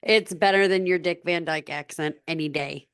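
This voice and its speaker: A woman's voice: fairly low pitch, moderate pace, clean tone, dry recording, clean studio sound. A woman author being interviewed, chatty and self-deprecating, laughing often. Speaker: author guest. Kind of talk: casual interview chat.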